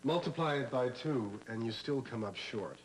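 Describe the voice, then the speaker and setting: A man's voice: medium pitch, lively intonation, normal speed, a little hiss or hum, close to an everyday voice, poor audio. A man playing a wry lawyer on a soap. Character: wry young lawyer planning a honeymoon. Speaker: lawyer friend about to marry. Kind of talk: 1980s TV soap opera acting.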